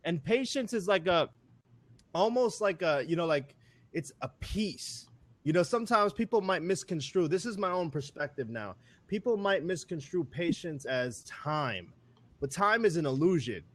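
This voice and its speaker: A man talking as a guest in a casual conversation, animated and repeating words with many fillers. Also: fairly high pitch, moderate pace.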